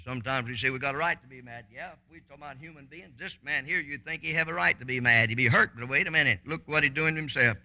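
Fervent, bright-voiced preacher man. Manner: fervent preaching with sudden loud high bursts and quick asides. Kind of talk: sermon.

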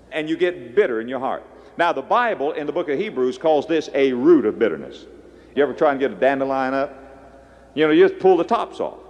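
A man preaching a sermon, swinging between hushed low lines and loud high bursts. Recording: long echo of a large hall.

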